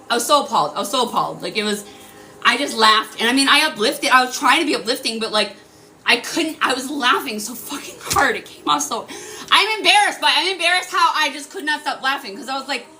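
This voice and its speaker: A young woman talking casually to her viewers, animated and full of filler words, swearing freely. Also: high-pitched, a little fast, soft background music. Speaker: energy healing vlogger.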